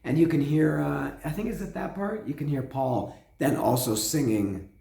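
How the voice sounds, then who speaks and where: A man hosting a casual spoken album review, his voice hoarse and cracking, rambling with restarts and humming along. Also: a little high, moderate pace, mellow. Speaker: host. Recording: echoey room.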